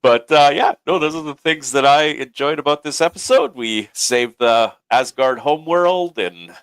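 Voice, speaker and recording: A man's voice: a little high, normal speed, fairly bright tone, smooth, dry recording. A man chatting as a guest on a podcast, easygoing and a bit hesitant. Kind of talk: casual chat.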